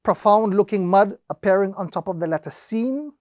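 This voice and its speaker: A man teaching Quran recitation, explaining each rule slowly and step by step, drawing out the example words and repeating the steps methodically. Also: high-pitched, expressive, a little mellow, dry recording, studio quality. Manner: slow, deliberate explanation with drawn-out demonstrations. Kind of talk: instructional lesson.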